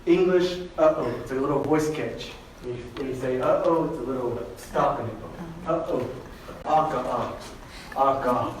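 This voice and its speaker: A man's voice: medium pitch, moderate pace. A man teaching a language class, joking casually and leading the students through pronunciation drills. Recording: echoey classroom from far off with background noise.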